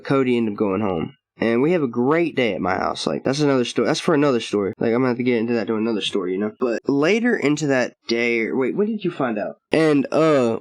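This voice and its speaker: A man's voice: mid-range voice, no echo. Rambling, laughing young man telling a storytime. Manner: rambling slangy storytelling, frequent laughs and cursing. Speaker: channel host. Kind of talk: storytime vlog.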